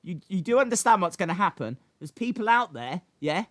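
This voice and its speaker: A man's voice: high voice, very animated, fairly quick, fairly bright tone, no room sound, studio quality. A man hosting a casual live watch-along stream. He rambles, frets aloud and talks back to his chat.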